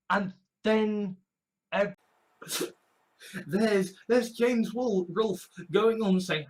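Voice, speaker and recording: A woman's voice: mid-range voice, very slow, pauses often, darkish tone. A woman ranting in a vlog commentary, full of sarcastic mock outrage, repeated phrases and swearing. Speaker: online commentator.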